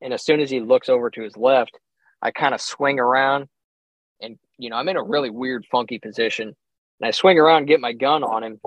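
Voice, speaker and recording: A young man, a podcast guest, telling a hunting story in a casual, animated way, acting out his own reactions and chuckling often. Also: medium pitch, fairly quick, no room sound. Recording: slightly dull, dry sound.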